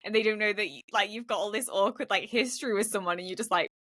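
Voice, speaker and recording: A woman's voice: medium pitch, fast, a bit bright, dry recording, clean studio sound. A woman co-hosting a podcast in casual chat, talking in a chatty way with lots of "like" fillers and frequent laughs. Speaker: podcast co-host.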